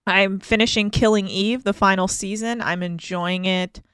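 A woman's voice: mid-range voice, steady tone, moderate pace, a bit bright, clear, resonant tone, dry recording, studio quality. A woman co-hosting a podcast as producer, chatting casually in a playful, opinionated way. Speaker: producer and co-host. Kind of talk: casual chat.

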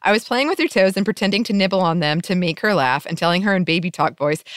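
A woman's voice: mid-range voice, fast, few pauses, dry recording, clean studio sound. A woman co-hosting a podcast, chatting casually and reading out listener mail with frequent laughter. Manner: chatty, laughs often, animated when reading. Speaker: podcast co-host.

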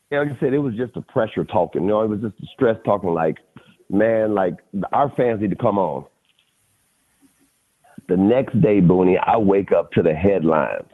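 A middle-aged man telling a story as a podcast guest, animated and slangy, often addressing the host by name. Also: on the low side. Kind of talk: casual storytelling. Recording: tinny phone-like audio.

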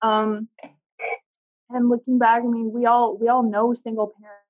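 Woman telling a painful story haltingly. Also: on the high side, little pitch movement, highs cut off. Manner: halting, with restarts and soft trailing pauses. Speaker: guest. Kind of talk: personal story in conversation.

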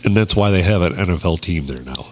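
A man's voice: sits low, animated, fast talker. A man co-hosting a podcast, making dry jokes in laid-back banter. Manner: laid-back, dry joking, laughs often. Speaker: podcast co-host. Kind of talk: casual banter.

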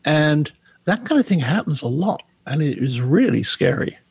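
A man's voice: on the high side, big pitch swings, moderate pace, vocal fry, slightly rough, dry recording. A man talking as a guest on a podcast interview, candid and wry about himself. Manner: candid, wry, self-deprecating. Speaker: guest, book author.

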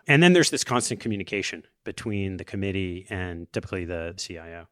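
Animated man explaining on a podcast. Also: low-pitched, fast, hardly any pauses, dry recording, studio quality. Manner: animated, explanatory, storytelling with quoted asides. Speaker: podcast host interviewing investors. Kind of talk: conversational podcast discussion.

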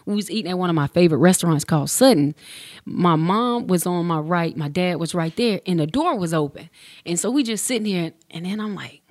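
Woman in her 40s, ex-hoops player, tells stories all animated, does the voices, dry close sound. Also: lowish voice, fairly quick, no echo. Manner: animated, acts out dialogue with slang. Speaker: former pro basketball player, guest. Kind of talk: casual storytelling.

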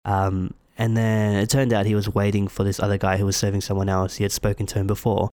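A man's voice: fairly low pitch, fast talker, dry recording, studio quality. A man telling a story in casual chat, acting out each person's lines. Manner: animated storytelling, acting out dialogue.

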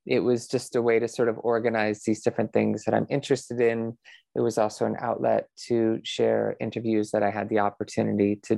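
A man's voice: lowish voice, gravelly, darkish tone, no room sound. A man talking as a podcast guest about meditation, reflective and earnest, with frequent fillers and restarts. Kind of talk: relaxed interview conversation.

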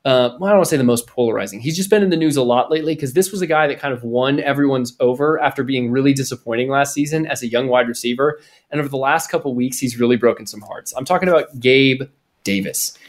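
A young man co-hosting a podcast, chatting casually and animatedly about fantasy football trades. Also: mid-range voice. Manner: animated, quick, jokey. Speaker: podcast co-host. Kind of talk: casual sports chat.

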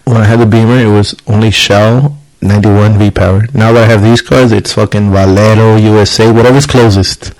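Young male podcast co-host, gravelly, dry close sound, swears freely, animated storyteller. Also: fairly low pitch, brisk, few pauses, dry recording, rough recording. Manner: profane, animated storyteller acting out quotes. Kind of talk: casual chat.

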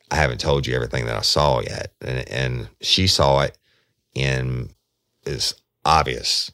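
Gravelly, very deep man telling a story. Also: fairly bright tone, no echo, clean studio sound. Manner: folksy, retells dialogue with repeated "I said". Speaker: true crime storyteller, former detective. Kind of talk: first-person true crime storytelling.

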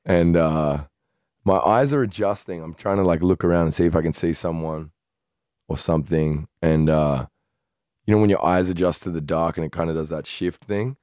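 A man's voice: sits low, normal speed, no echo, clean studio sound. A young Australian man co-hosting a podcast, telling a wild story in casual chat with plenty of swearing. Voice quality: swears freely, animated retelling. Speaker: podcast co-host.

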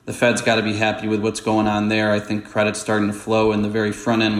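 A man who is a market strategist, giving measured, analytical commentary as a podcast guest. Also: fairly low pitch. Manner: measured, explanatory, steady. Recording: roomy echo.

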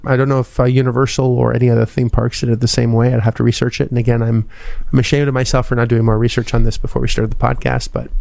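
A man's voice: medium pitch, vocal fry, darkish tone, dry recording. A man hosting a podcast, rambling and self-deprecating, with a slight lisp. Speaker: podcast host. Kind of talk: casual podcast wrap-up.

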